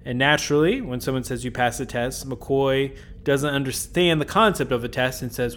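A man's voice: medium pitch, normal speed, few pauses, a bit bright, a little hiss or hum. A man hosting a podcast, recapping an episode in a casual, joking way with rambling asides. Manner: jokey, rambling asides with chuckles. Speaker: podcast host.

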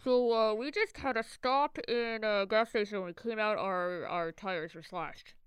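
Clear-voiced woman player. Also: mid-range voice, unhurried, dry recording. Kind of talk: tabletop game play.

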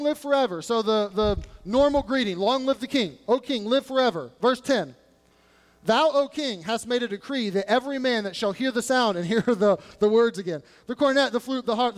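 A male pastor preaching a sermon, animatedly acting out biblical characters in casual modern speech. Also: very high voice. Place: church sanctuary. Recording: long hall reverb.

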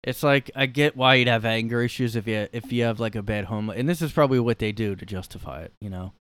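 Guy ranting on his podcast, lots of like and you know, smooth voice, no room echo at all. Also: mid-range voice, fast talker, fairly bright tone. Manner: rambling, full of fillers and asides; mocking, incredulous. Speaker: podcast host. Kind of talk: casual commentary reacting to clips.

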